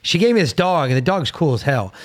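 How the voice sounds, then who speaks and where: A man's voice: a little high, big pitch swings, quick pace. A man hosting a podcast in casual chat, a rambling folksy storyteller who swears freely. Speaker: podcast host.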